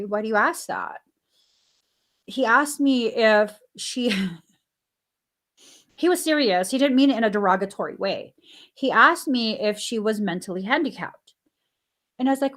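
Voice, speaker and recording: A woman's voice: mid-range voice, a bit bright. A woman hosting a spiritual podcast, telling a family story in a casual way. She acts out the quoted dialogue and laughs often. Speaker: podcast host.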